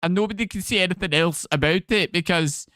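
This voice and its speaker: A man's voice: high-pitched, fairly quick, pushed and bright, smooth, dry recording, clean studio sound. A man voicing a pompous, bossy male accent coach who rants that only he can judge accents. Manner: pompous, repetitive, ranting. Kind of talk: comic improvised character bit on stream.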